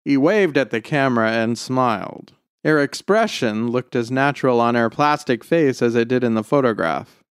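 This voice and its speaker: A man narrating a short story in a measured, expressive storytelling delivery. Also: medium pitch, clear, resonant tone, no echo, studio quality. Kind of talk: scripted narration.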